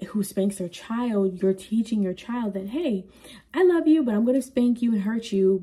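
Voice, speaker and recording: Husky, mellow-voiced woman, earnest and rambling vlogger talking to camera. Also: medium pitch. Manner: earnest, rambling, with frequent "you know" asides. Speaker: parenting vlogger. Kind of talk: candid personal talk to camera.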